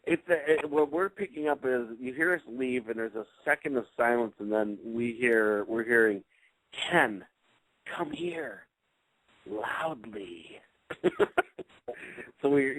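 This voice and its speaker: A man's voice: mid-range voice, fairly quick, hardly any pauses, dry recording, low-quality recording. A man, a paranormal investigator, chatting casually on a radio show, rambling with many fillers and restarts.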